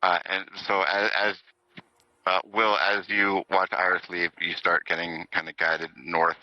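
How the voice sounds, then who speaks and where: A man narrating as game master in a tabletop game, relaxed and full of fillers, with the odd chuckle. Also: deep voice, measured pace, no echo, muffled recording.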